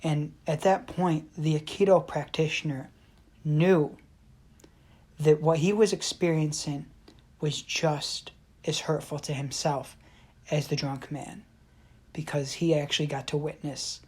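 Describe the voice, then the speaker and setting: A woman co-hosting a spiritual podcast who tells stories in an earnest, measured way. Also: deep voice, fairly even intonation, darkish tone, slightly rough. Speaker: podcast co-host. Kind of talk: storytelling in a casual chat.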